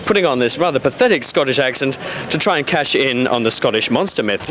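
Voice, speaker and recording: A man's voice: medium pitch, expressive, fast talker, a crowd in the background. A man presenting a mock-serious documentary, with a pompous, dramatic manner.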